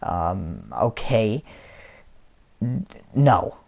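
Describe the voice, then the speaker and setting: A young man rambles through a story in a casual vlog, stumbling over restarts and fillers. His voice sits a little low, like a headset chat. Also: huge pitch swings, very slow, gravelly, a little mellow, husky. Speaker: vlogger. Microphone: console or headset mic.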